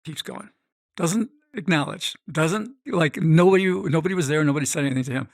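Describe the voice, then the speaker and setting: A middle-aged man tells a story with animated energy, jumping into the voices of the people he quotes. His voice sits a little high and has a gravelly edge, and the sound is dry and close. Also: brisk, no echo. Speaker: guest, gambling expert. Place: podcast studio.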